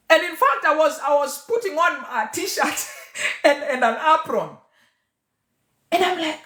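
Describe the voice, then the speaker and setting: Emphatic woman speaker, lively high voice. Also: unhurried, long pauses. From Kenya. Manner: emphatic, preacher-like, swings between loud and quiet. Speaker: teacher, public speaker and MC. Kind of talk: passionate monologue to followers. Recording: echoey room.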